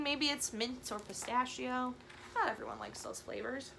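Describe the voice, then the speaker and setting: A young woman teaching a children's camp video lesson, speaking gently and clearly and encouraging the kids. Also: high voice, moderate pace, slight background noise.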